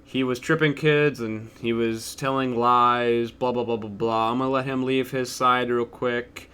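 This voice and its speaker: A man voicing a stern male elementary school principal leaving a flat, official phone message. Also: medium pitch, measured pace, smooth.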